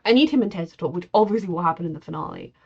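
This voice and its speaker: A woman's voice: fairly low pitch, animated, rapid-fire, slightly rough, dull audio. A woman giving chatty, opinionated commentary on a TV episode, swearing and using plenty of fillers. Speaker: TV reaction vlogger. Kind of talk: casual TV reaction commentary.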